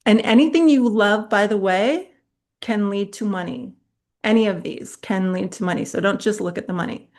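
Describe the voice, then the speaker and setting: Speaking at normal speed with a mid-range voice, this middle-aged woman leads an online master class on public speaking. She talks straight to her viewers in a chatty, animated, direct way, frequently breaking into laughter mid-sentence as she tells stories.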